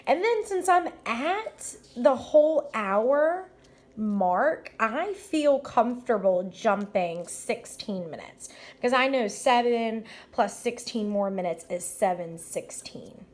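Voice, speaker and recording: A woman's voice: on the high side, animated, slow. A woman teacher working through math problems aloud, step by step, in an upbeat, encouraging way. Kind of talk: math lesson walkthrough.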